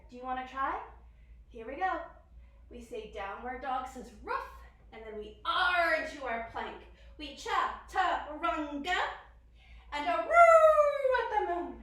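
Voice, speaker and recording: A woman's voice: high voice, fairly bright tone. A woman leading a children's yoga lesson in a playful, sing-song way, coaxing the kids with questions. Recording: echoey room, distant mic.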